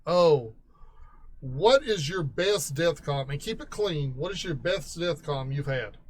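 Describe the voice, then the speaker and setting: A man's voice: a little high, animated, slow pace, a little hiss or hum. A man hosting a casual gaming talk show, asking questions and telling his own stories with a chuckle. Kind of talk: casual interview.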